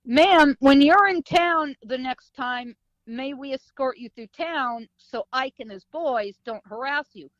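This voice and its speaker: A woman's voice: high-pitched, measured pace, a bit bright, no room sound, lo-fi sound. A woman voicing a courteous male lawman ghost, polite and formal.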